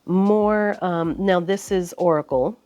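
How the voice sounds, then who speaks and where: A woman's voice: fairly low pitch, slow, a little mellow. A woman giving a casual, rambling desk tour, a little out of breath, talking with lots of fillers and restarts. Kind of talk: casual chat.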